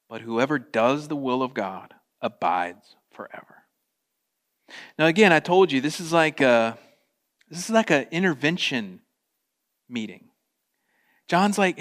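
A man preaching a sermon, animated, slipping into playful voices for quotes. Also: on the high side. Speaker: pastor.

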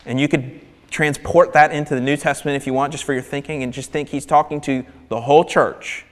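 A man preaches a sermon in a fairly high voice. He is animated and emphatic, and he sinks to near-whispers to press a point. His words ring out with a long reverb, as in a large hall. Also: a little fast.

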